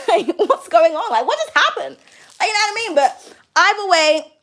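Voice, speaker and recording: A young woman with a high voice talks through a tarot reading in a loose, chatty way. She speaks straight to the listener, often calls them "darling" and swears freely. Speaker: tarot card reader.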